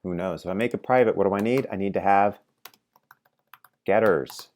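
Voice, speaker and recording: A man's voice: sits low, moderate pace, a little mellow. A man teaching programming while he codes, chatty and prompting the viewer to answer along. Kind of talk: live-coding lecture.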